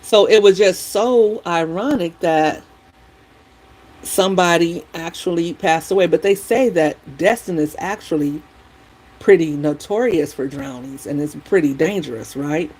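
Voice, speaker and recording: A woman vlogger in a casual chat while doing her hair, retelling things in a rambling, opinionated, animated way. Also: lowish voice, measured pace, slightly rough, low-quality recording.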